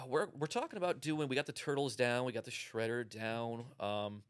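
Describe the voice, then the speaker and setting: A man's voice: medium pitch, moderate pace, a bit bright. A man co-hosting a podcast, a tattoo artist in casual chat, easygoing and hesitant with ums and uhs.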